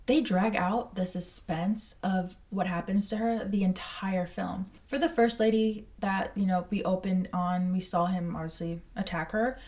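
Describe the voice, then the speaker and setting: A woman's voice: mid-range voice, mellow, far from the mic. A woman in her twenties giving casual, blunt movie reaction commentary, swearing freely and speaking animatedly.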